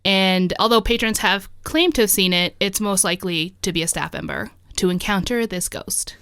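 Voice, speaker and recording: A woman's voice: medium pitch, moderate pace, a bit bright, clear, resonant tone, dry recording, clean studio sound. A woman hosting a podcast, chatting casually and laughing often as she tells ghost stories. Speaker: podcast host.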